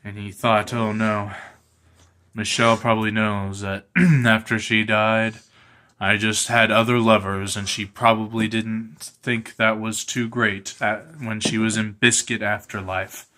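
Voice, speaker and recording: A man improvising a comic story, slow and halting, with many fillers and throat clearing. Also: on the low side, flat delivery, pushed and bright.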